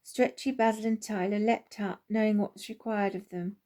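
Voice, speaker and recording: A woman narrating a children's story aloud, gently and expressively. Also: medium pitch, normal speed. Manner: gentle, expressive, does voices for each character. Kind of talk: storybook narration with character voices.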